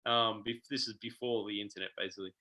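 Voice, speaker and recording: A middle-aged Australian man telling stories as a guest in a casual interview, animated and full of ums. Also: fairly low pitch, quick pace, poor audio. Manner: animated, acts out quoted voices, frequent ums. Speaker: guest guitarist.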